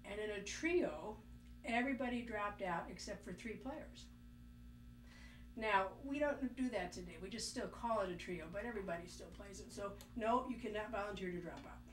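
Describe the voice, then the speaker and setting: A woman's voice: mid-range voice, moderate pace, a little hiss or hum. A woman teaching violin, counting beats aloud and calling out short cues like "glue" and "squirt" while she plays. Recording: echoey room, mic at a distance. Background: violin playing along.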